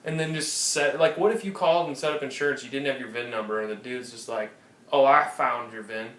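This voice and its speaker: A man co-hosting a podcast in casual chat, telling animated stories and mimicking callers in high voices. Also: quick pace. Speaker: podcast co-host. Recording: roomy phone recording with faint noise.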